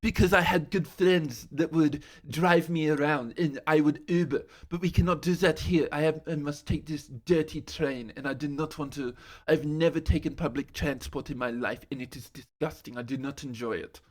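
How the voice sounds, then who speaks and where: A young man putting on a French accent to mimic an indignant young woman who yells at him. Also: fairly even intonation, moderate pace, natural voice. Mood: indignant, shouting. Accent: French, put on. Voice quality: high, strident, stilted.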